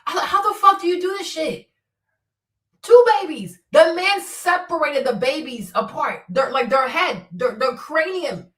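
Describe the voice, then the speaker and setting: High-voiced woman ranting in an echoey room. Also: a little slow, distant mic. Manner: animated, profane, swings between loud outbursts and mutters. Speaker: livestream host. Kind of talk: casual unscripted commentary. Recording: roomy echo, voice a bit off-mic.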